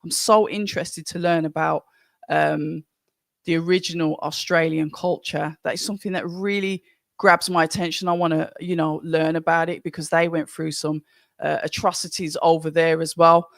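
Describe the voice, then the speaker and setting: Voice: medium pitch, flat delivery, moderate pace, creaky, a bit bright, dry recording, clean studio sound. Chatty Birmingham-accented stream host. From Birmingham, England. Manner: chatty, rambling, greets viewers by name. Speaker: livestream watch-along host. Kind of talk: casual live commentary and chat reading.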